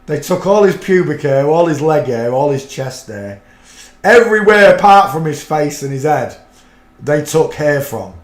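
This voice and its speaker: A man's voice: fairly high pitch, lively intonation, normal speed. A middle-aged man from a fishing town, hosting a livestream and telling rambling, colloquial anecdotes in casual chat. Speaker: livestream host. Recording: roomy echo.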